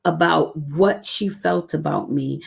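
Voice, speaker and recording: A woman's voice: low-pitched, vocal fry. A woman giving an earnest, emotional devotional testimony to a live-stream audience, stretching out key words and coming close to tears. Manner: earnest, personal, drawn-out emphatic phrases. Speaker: devotional speaker.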